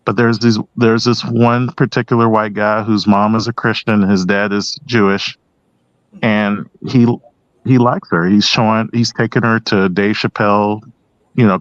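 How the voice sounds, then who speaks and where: A man speaking as a guest on a panel discussion, hesitant with many pauses and restarts. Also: fairly low pitch, dry recording, muffled recording.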